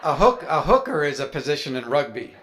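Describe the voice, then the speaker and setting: A man's voice: a little high, sing-song, fairly quick, crowd noise. A man, an author, telling a chatty, anecdotal story with playful humor to a live audience. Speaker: author speaking at a writers' event.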